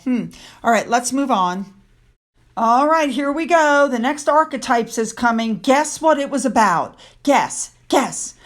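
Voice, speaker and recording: A woman with a high voice talks through the news in casual, opinionated commentary. She is sarcastic and indignant, reading out quotes and answering them with scorn. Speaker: commentary channel host.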